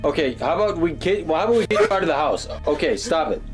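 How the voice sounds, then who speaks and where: A man's voice: on the high side, expressive, fast. A young man in a scripted investigation video, talking casually and questioning people with bro slang. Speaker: paranormal investigator. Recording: background music.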